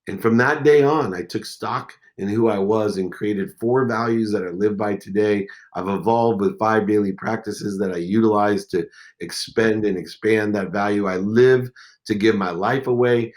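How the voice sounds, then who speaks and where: A man in his forties with a fairly low voice tells a personal story as a podcast guest. His delivery is intense, and it swings between hushed moments and loud ones. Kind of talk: emotional storytelling.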